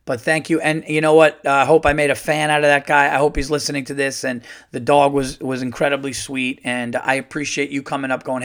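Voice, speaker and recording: A middle-aged man, a stand-up comedian hosting his own podcast, tells a loose, animated story full of fillers. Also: medium pitch, fairly quick, hardly any pauses. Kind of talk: casual solo podcast storytelling.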